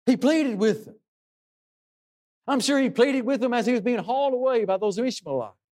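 A man's voice: very high voice, expressive, normal speed, darkish tone. A man preaching a sermon in an earnest way, asking rhetorical questions and dropping his voice for emphasis.

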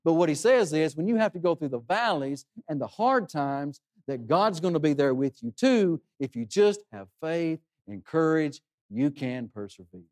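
A man's voice: fairly high pitch, big pitch swings, normal speed, few pauses, darkish tone. A man preaching a sermon in an earnest way, asking rhetorical questions and dropping his voice for emphasis.

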